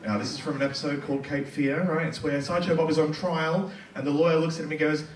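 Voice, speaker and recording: A man doing a stand-up comedy set in a comedy club, with a quick, playful delivery and loud acted quotes. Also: a little high, steady tone, roomy sound, far from the mic.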